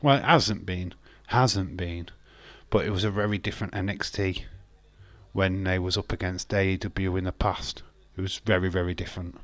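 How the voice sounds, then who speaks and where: A man's voice: deep voice, steady tone, normal speed, a bit bright, no room sound. A man with a Yorkshire accent hosting a live watch-along, chatting casually with opinions and frequent laughs. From Yorkshire, England. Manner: chatty and opinionated, laughs often, jumps between topics. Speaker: livestream watch-along host. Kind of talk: casual live reaction chat.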